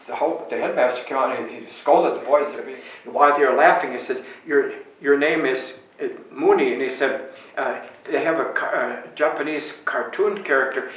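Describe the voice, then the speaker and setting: Older priest telling stories in an echoey room. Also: male voice, medium pitch, a bit bright. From Chicago, USA. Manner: meandering, self-correcting storyteller. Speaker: Catholic priest. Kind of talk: reminiscing anecdotes. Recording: very echoey room, distant mic.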